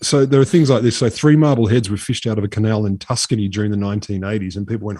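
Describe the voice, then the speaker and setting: A man's voice: lowish voice, fairly even intonation, quick pace, hardly any pauses, mellow, no room sound. A man from Australia co-hosting a casual science chat, telling a story with lots of fillers and restarts. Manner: rambling storyteller, hesitant fillers. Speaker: podcast co-host.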